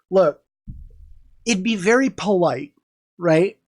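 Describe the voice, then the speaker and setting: A woman streamer with a cold, chatting casually, joking and swearing as she rambles. She talks slowly and in a loose, unhurried way, with a sick, stuffy sound to her voice. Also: on the low side, lively intonation. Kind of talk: casual livestream chat.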